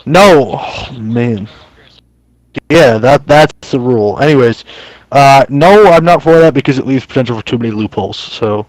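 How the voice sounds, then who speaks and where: Brief: impatient, argumentative man, mid-pitched, dry close mic, gaming voice chat. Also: animated, normal speed, dry recording, rough recording. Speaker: roleplay crime group member. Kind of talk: casual group voice chat.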